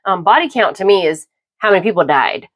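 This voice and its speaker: A middle-aged woman hosting her own podcast, talking through a personal, opinionated monologue in a halting, emphatic way. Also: medium pitch, expressive, fairly bright tone. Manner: emphatic, halting with repeated restarts. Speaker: podcast host.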